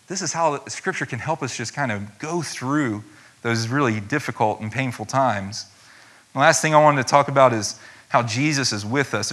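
A man gives an earnest sermon in a relaxed, conversational way. He reads long scripture passages aloud and often trails into fillers and restarts. His voice has a bright, forward tone at an ordinary middle pitch. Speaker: preacher.

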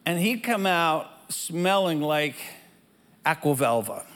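A man's voice: on the high side, very animated, slow, a bit bright. An older man preaching, telling a rambling, self-deprecating childhood story with lots of restarts, in a church hall. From German family. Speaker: pastor. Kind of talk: storytelling sermon. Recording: echoey hall with music behind.

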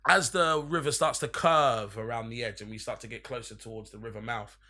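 Lad telling a long sweary story, bright voice, mid pitch. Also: male voice, steady tone, a little fast. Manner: rambling, sweary, emphatic. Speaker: podcast storyteller. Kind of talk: casual anecdote telling.

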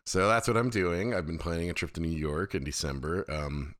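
Very deep-voiced middle-aged man rambling. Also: brisk, a bit bright. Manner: rambling, candid, self-deprecating. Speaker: podcast host. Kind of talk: casual solo monologue.

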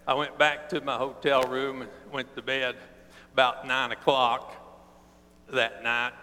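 Bright-voiced preacher. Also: male voice, mid-range voice, flat delivery. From East Tennessee. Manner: earnest, plainspoken, slows for emphasis. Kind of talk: sermon with personal storytelling. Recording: long reverb of a large hall.

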